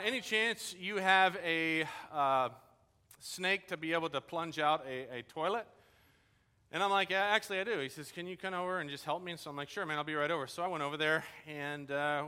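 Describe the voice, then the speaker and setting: A man with a high, bright voice preaches a sermon in a loose, storytelling style. He acts out bits of dialogue with lively energy. His voice rings with long reverb in a large church hall. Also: clear, resonant tone. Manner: casual and animated, acting out quoted dialogue. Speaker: pastor.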